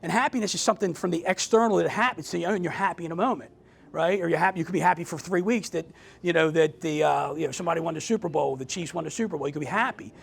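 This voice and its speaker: A middle-aged man with a high-pitched, gravelly voice gives a motivational talk to a live group. He keeps it conversational, asks the audience questions and often stumbles into restarts. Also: very fast. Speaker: author speaking to a group.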